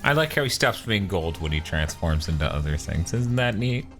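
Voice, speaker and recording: A man doing casual live-stream commentary over a game, ranting with profanity and quick laughs. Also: deep voice, big pitch swings, a bit bright. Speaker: streamer playing and reviewing a game. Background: game music.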